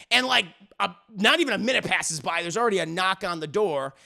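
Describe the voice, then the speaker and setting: A man's voice: high voice, animated, fast, vocal fry, hardly any pauses, pushed and bright. A man streaming live, animatedly retelling a story with lots of cursing while talking to his chat. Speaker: streamer reviewing media.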